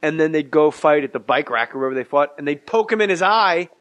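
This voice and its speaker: A man's voice: a little high, expressive, fast, a bit bright. A middle-aged male podcast host who riffs and wisecracks on his guest's stories, throwing in pop-culture references. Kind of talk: casual podcast chat.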